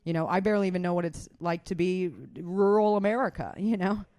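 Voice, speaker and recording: Her voice is lowish, steady and dark, moving a little fast in a dry recording. She's a comedian co-hosting a podcast indoors, chatting openly, swearing without restraint and teasing herself.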